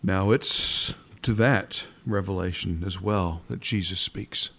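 Earnest male preacher, fervent and halting. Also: sits low, creaky, fairly bright tone. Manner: restarts and halting repetitions. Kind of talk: sermon.

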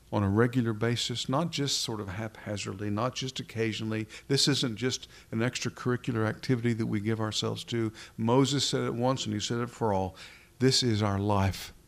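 A man preaching a sermon into a pulpit microphone, slowing down for emphasis and sometimes dropping to a hush. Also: fairly low pitch. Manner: dramatic preaching, slows down for emphasis, drops to a whisper at times.

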